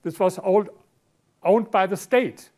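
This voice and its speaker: A middle-aged man from Berlin with a German accent, lecturing a conference audience, halting and repeating words, often clearing his throat. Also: high-pitched, darkish tone. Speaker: conference speaker. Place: conference hall.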